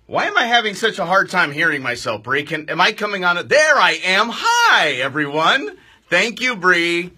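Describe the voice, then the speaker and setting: A loud, excitable radio host, a man who jokes constantly and gets fired up on the mic. His voice is very bright and cutting, swings widely in pitch, and has a husky edge. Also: normal speed. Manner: excitable, loud, jokey, bantering with studio crew. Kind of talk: live outdoor talk radio. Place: radio studio.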